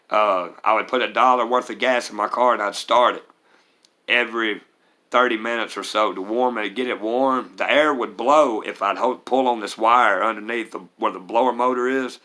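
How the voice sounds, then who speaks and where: This middle-aged man's voice sits on the low side, pushed and bright, as he shares the story of his recovery. His testimony wanders earnestly, colored by Southern US expressions.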